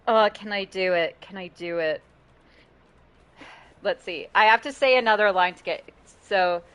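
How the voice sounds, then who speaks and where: A woman's voice: mid-range voice, measured pace, long pauses, a bit bright, smooth. A woman game streamer chatting casually and rambling, laughing often and swearing freely. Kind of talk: casual live-stream chat.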